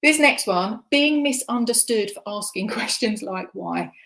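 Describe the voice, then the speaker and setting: Presenting at an online conference session, a woman talks in a chatty, self-deprecating way, peppered with ums. Her mid-range voice is expressive, unhurried, gravelly, and fairly bright.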